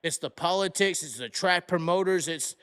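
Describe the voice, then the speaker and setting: A man's voice: high-pitched, normal speed, fairly bright tone, clean tone. A man talking as a podcast guest in a rambling, profane way, full of restarts and "like". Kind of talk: casual podcast chat.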